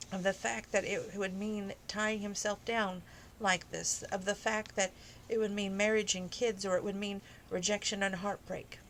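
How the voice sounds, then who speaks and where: A woman's voice: medium pitch, slight background noise, rough recording. A woman reading a romance novel aloud informally, emotional and adding personal asides. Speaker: audiobook reader.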